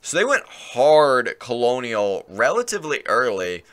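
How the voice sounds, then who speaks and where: A man's voice: mid-range voice, sing-song, unhurried, a bit bright. A man commenting casually on a strategy game timelapse, amused and chatty, with chuckling asides. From Ireland.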